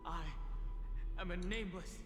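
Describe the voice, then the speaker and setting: An actor playing a resolute young male warrior who speaks with calm, earnest determination. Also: sits high, normal speed, natural voice. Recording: game audio with music and light reverb.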